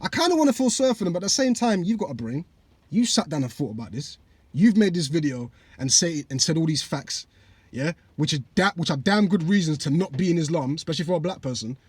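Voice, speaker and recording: A man's voice: fairly high pitch, lively intonation, fairly quick, darkish tone, breathy edge. A young man giving casual reaction commentary, blunt and mocking, full of swearing and slang. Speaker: reaction channel host.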